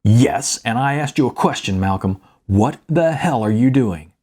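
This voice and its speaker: A man playing a thundering angry dad, husky voice, big swings in tone. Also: medium pitch, animated, unhurried, darkish tone. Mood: furious. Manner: thundering, demanding. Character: angry father, a loud booming musician.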